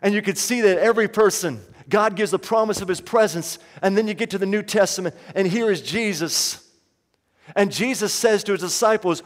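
In a large hall with a long reverb, a man preaches as pastor, pressing his point by repeating key lines and drawing the congregation into call-and-response. His voice sits high, and he speaks briskly.

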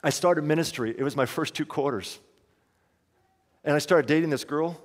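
A man's voice: fairly high pitch, moderate pace. A man preaching a sermon as pastor, emphatic and repeating key lines, leading the congregation in call-and-response. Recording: long reverb of a large hall.

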